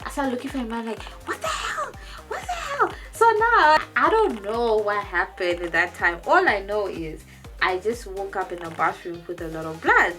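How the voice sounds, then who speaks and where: A young woman casually telling a personal story in a vlog, animated and jumping into high quoted voices, often restarting and repeating words. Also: moderate pace, soft background music. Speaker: vlogger.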